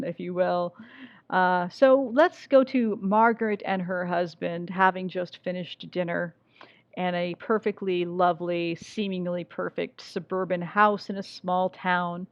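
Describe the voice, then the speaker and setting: Gravelly low-voiced woman teaching literature. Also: no room sound, muffled recording. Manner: conversational, asks rhetorical questions, reads passages aloud. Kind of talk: recorded class lecture with read-aloud passages.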